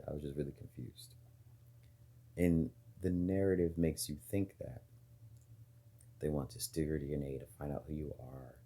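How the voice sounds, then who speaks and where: Speaking directly to his viewers, a male video host rambles through a loose, speculative monologue in a dark, mellow, extremely low and husky voice. He wanders from idea to idea, leaning on fillers and frequently restarting sentences.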